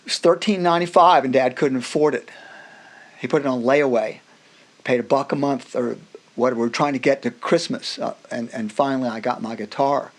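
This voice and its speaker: A middle-aged man of middling pitch tells stories from his own life as a podcast guest. His voice rises and falls freely as he acts out what others said, and he often breaks off and restarts his sentences. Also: brisk. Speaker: podcast guest, music professor. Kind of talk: personal storytelling in a conversation.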